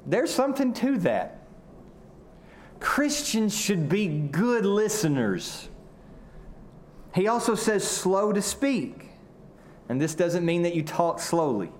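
A man from Arkansas with a Southern drawl, preaching a sermon earnestly, often repeating words and slowing down for emphasis. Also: high-pitched, very animated, slight background noise. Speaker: pastor.

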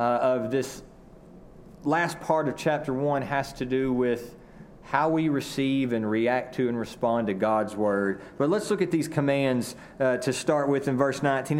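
A man from Arkansas with a Southern drawl, preaching a sermon earnestly, often repeating words and slowing down for emphasis. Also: medium pitch, a little mellow. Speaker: pastor.

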